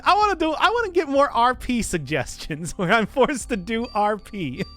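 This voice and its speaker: A man's voice: very high voice, very animated, moderate pace, few pauses, fairly bright tone, soft background music. A male streamer in casual live-stream chat, reading viewer requests with wry, teasing banter.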